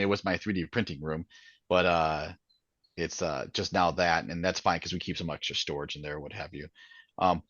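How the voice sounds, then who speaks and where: A man's voice: low voice, fairly bright tone, dry recording, muffled recording. A man, an author who narrates his own audiobooks, chatting casually in an interview and rambling with lots of filler words.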